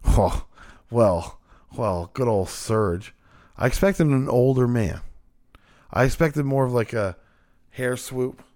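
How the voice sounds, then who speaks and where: A man's voice: medium pitch, slow, pauses often, a little mellow, dry recording, studio quality. A man co-hosting a podcast in loose, rambling casual chat, swearing freely. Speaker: podcast co-host.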